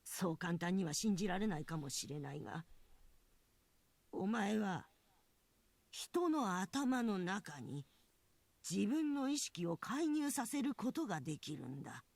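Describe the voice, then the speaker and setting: A woman's voice: mid-range voice, big pitch swings, moderate pace, gravelly, pauses often, a little mellow, no echo. A woman voicing a stern, knowing elderly grandmother in a visual novel. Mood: grave, explaining. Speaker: game character. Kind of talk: Japanese visual novel voice acting.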